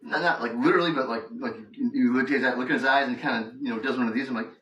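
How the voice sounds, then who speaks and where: A man's voice: medium pitch, very fast, bright, forceful tone, reverberant, distant mic, lo-fi sound. A man vlogging in a loose, rambling monologue, full of fillers and laughs. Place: house with the door open.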